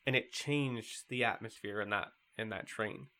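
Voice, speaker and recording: A man's voice: fairly low pitch, moderate pace, sharp tone. A man giving a conversational sermon, telling stories and making points with casual fillers. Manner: conversational, storytelling with acted quotes.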